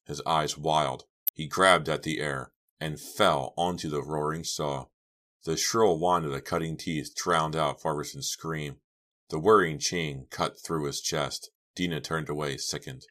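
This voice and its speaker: Very deep male audiobook narrator. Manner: measured, steady reading. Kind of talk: scripted narration.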